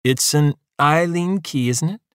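A man's voice: medium pitch, expressive, moderate pace, creaky, dry recording, clean studio sound, voice pushed up. A man voicing an awkward, clumsy lanky young man who stammers and hesitates in an audiobook. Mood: puzzled.

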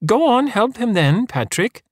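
A man's voice: high voice, very animated, normal speed, a bit bright, dry recording, studio quality, pitched above the performer's own voice, heavily acted. A man voicing a bossy, teasing young woman who mocks and scolds with emphasis in an audiobook.

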